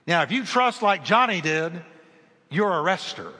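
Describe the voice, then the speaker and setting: Man, pastor, sermon, expressive swooping voice, repeats lines for emphasis. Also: high-pitched, unhurried, big-room sound. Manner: animated storytelling preacher, repeats phrases for emphasis.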